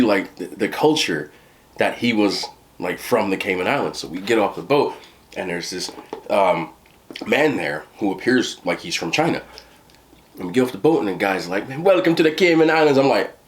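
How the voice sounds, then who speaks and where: An American man in casual storytelling to the camera, talking in a rambling way with many fillers and restarts. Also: on the low side. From United States. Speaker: food vlogger.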